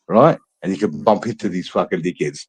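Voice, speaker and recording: Blunt, husky Australian man. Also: low-pitched, a little fast. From Adelaide, Australia. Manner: blunt, swears a lot, repeats himself. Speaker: podcast guest, football supporter. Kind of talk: casual chat.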